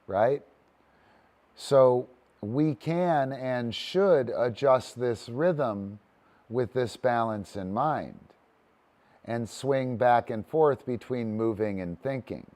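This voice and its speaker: Slow-talking man teaching dog training. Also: medium pitch, a little mellow. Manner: loose and talky, with cheering cues to a dog. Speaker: disc dog trainer teaching an online session. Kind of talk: casual livestream teaching.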